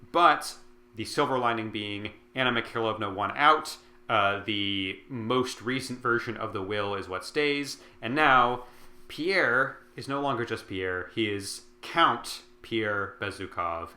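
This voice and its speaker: A man's voice: medium pitch, pushed and bright. A tipsy man casually recapping a book, rambling with lots of fillers and swearing. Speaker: host. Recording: roomy echo.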